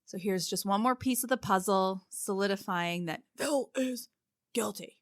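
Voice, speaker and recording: A woman's voice: medium pitch, normal speed, no echo. Casting note: woman co-host telling a true-crime case casually, dry close-miked sound. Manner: steady storytelling with frequent "like" fillers.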